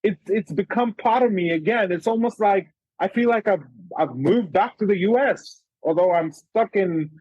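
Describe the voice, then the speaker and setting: A man's voice: sits high, normal speed, husky, no room sound. A Zimbabwean man with a blend of Zimbabwean and American accents, a chef telling stories as a guest in a casual interview. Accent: mixed Zimbabwean and American. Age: young adult. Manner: animated storyteller, stacks repeated starts. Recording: dull, dry lo-fi sound.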